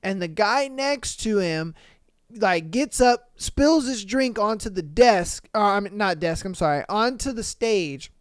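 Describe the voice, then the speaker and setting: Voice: medium pitch, measured pace, smooth, dry recording, studio quality. Profane laughing podcast host. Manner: profane, laughing, animated slang-heavy delivery. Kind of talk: casual podcast commentary reading listener comments.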